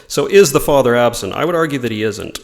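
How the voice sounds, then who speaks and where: A man's voice: mid-range voice, lively intonation, fast talker, long reverb tail. A man giving an informal religious lesson, explaining ideas in a thoughtful way and reading quotations aloud. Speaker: religious teacher.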